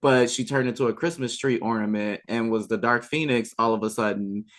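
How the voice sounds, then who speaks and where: A man's voice: medium pitch, steady tone, a little fast, a bit bright. A young adult man chatting as a podcast guest, enthusiastic, with frequent fillers and restarts. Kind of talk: casual chat.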